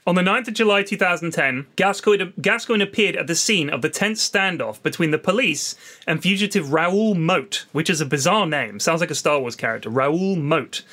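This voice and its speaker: A man's voice: on the high side, expressive, moderate pace, bright, forceful tone. A man co-hosting a podcast, telling jokey stories in casual, sweary banter. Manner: joking storyteller, swears freely. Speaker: podcast co-host.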